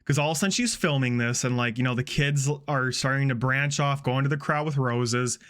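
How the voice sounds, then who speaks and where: A young man streaming, recapping a string of online videos in a casual, profane, animated way. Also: mid-range voice, fairly quick. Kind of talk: casual storytelling on a livestream.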